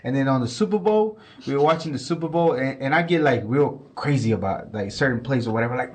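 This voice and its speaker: A man's voice: medium pitch, fast talker, few pauses. Man, podcast co-host, casual rambling chat, repeats himself. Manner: rambling, repeats himself, animated when quoting.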